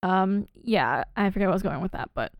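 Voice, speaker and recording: A woman's voice: mid-range voice, animated, brisk, no room sound, highs cut off. A young woman co-hosting a podcast in casual chat, talking freely with lots of fillers and laughter. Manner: chatty, laughs often, many fillers and restarts. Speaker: podcast co-host.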